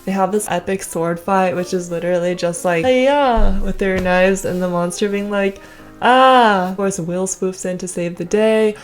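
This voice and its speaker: A young woman casually reading her own childhood novel aloud with sarcastic, deadpan asides. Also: on the low side, moderate pace, hardly any pauses, soft background music. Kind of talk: casual comedic read-through.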